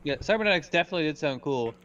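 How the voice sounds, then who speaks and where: A man's voice: a little high, expressive, very fast, a bit bright. Easygoing man on a dull lo-fi mic. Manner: hesitant, easygoing. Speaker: player. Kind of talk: casual tabletop game chat. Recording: dull lo-fi mic with faint noise.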